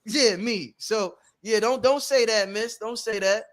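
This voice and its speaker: Male host, very high pitch, emphatic and profane, repeats himself, live workshop talk. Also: a little slow, fairly bright tone.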